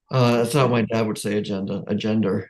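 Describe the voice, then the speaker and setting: Guy w/ new england accent running a council meeting on a video call, kinda rambly. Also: medium pitch. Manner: rambling, self-correcting, chuckles often. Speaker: neighborhood council committee chair. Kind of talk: casual meeting discussion.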